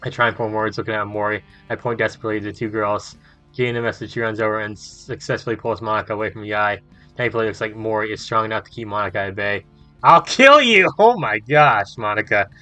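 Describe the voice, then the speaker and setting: A young man reading a visual novel aloud with animated, swearing reactions as a gaming host. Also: mid-range voice, no echo, low-quality recording.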